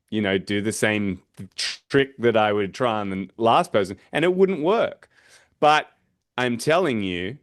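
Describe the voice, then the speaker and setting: A man coaching real estate agents on door-knocking, casually acting out doorstep conversations. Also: mid-range voice. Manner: casual, acts out doorstep dialogue. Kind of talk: teaching door-knocking technique.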